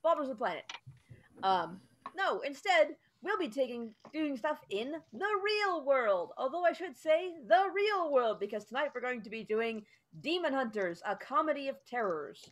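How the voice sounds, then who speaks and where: Woman gm rambling through game rules, kinda high voice, lots of ums. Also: very animated, normal speed. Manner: chatty, lots of ums and uhs. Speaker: game master.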